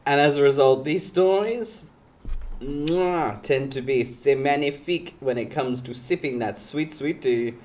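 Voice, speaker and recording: A man's voice: mid-range voice, measured pace, darkish tone. A man streaming live, chatting casually with his viewers and teasing them, often breaking into giggles. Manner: giggly, breaks into frequent laughter; playful teasing, talks to chat by name.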